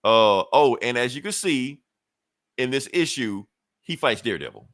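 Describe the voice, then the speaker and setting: A man's voice: mid-range voice, lively intonation, moderate pace, fairly bright tone, no echo, studio quality. A man hosting a podcast, retelling a comic book issue in loose, profane, chuckling casual chat. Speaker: podcast host.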